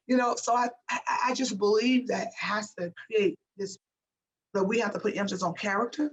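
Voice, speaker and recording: A woman's voice: mid-range voice, a little fast, poor audio. Give me an emphatic woman coach giving a motivational interview, repeating phrases for effect. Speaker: guest, basketball coach.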